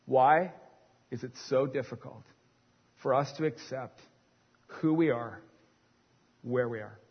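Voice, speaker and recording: A man in his forties preaching a sermon as pastor, with a dynamic delivery that swings from hushed to loud. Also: medium pitch, takes it slowly, breathy edge. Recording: long hall reverb, dull sound.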